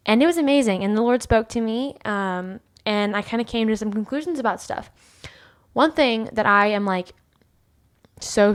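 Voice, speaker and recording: A woman hosting a personal faith podcast, telling a story in a rambling way with many fillers and restarts. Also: mid-range voice. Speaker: podcast host.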